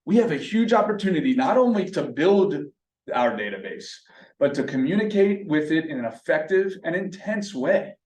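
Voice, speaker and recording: A man's voice: a little high, normal speed. Man coaching a meeting, roomy, distant. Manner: energetic, coaching, rhetorical questions. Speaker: team meeting presenter. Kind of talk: motivational team meeting talk. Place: meeting room.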